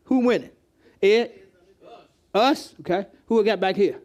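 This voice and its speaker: A man preaching a sermon as pastor, conversational and lively, calling on members of the congregation and repeating words as he teaches. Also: high voice, unhurried. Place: church hall with congregation.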